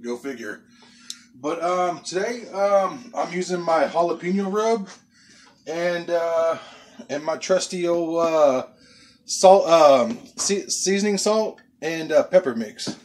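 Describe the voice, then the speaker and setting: A man's voice: a little high, takes it slowly, a little hiss or hum. A man hosting a casual barbecue cooking vlog outdoors, chatty and folksy, talking to his viewers as folks and y'all. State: coughing from pepper rub. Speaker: barbecue channel host. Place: outdoors by a smoker.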